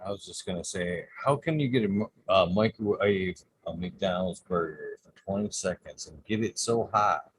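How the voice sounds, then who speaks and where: A man in a casual podcast chat, musing in a low-key way. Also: moderate pace, hardly any pauses, breathy edge, poor audio. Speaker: podcast panelist.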